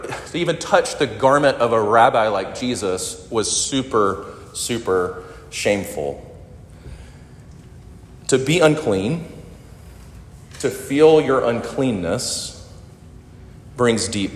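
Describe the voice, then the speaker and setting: A man with a fairly low voice preaches in a church, earnest and personal, leaning on words by slowing down. His voice rings out in a large room with a long, trailing reverb. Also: slight background noise. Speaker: pastor. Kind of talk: sermon. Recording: echoey hall with long reverb.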